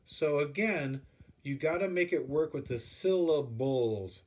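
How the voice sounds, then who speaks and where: A man's voice: a little high, very animated, takes it slowly, darkish tone. A man teaching a class, explaining step by step in a patient way and counting things out as he repeats the key points. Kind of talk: classroom instruction video.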